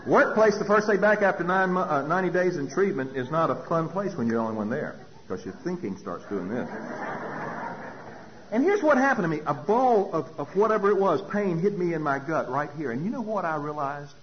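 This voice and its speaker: A man speaks from a podium, telling his recovery story with lively swings in pitch and acting out the other people in it. His voice sits fairly high for a man. The recording is dull and lo-fi, with a faint hiss underneath. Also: fairly quick. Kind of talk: personal testimony talk.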